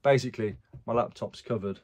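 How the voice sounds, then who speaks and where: This casual chat comes from a young British reseller vlogger whose mid-range, darkish voice is brisk. Swearing occasionally, he goes over his resale sales and reads out what buyers have written.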